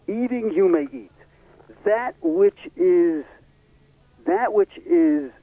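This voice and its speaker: A man giving an explanatory lecture as a religious teacher, halting often with fillers and restarts. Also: medium pitch, no room sound. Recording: tinny phone-line radio audio.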